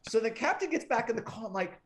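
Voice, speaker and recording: A middle-aged man, a retired police detective, telling profane, animated stories as an interview guest. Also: very high voice, fast, a little hiss or hum. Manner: profane, animated anecdote-telling with quoted dialogue. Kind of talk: casual storytelling interview.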